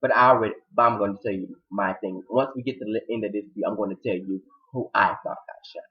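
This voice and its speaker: A man giving an animated recap of a TV episode, acting out the characters' lines with sudden high-pitched outbursts. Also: fast talker, lo-fi sound. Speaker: TV episode reviewer.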